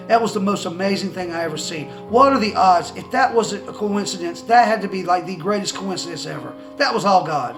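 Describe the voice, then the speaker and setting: A man's voice: high-pitched, fairly quick, hardly any pauses, a bit bright, soft background music. A man telling a personal faith testimony to the camera from his country home, rambling, restarting his words and chuckling as he goes. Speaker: person giving a religious testimony. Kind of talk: casual storytelling to camera. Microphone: camera in front of a seated speaker.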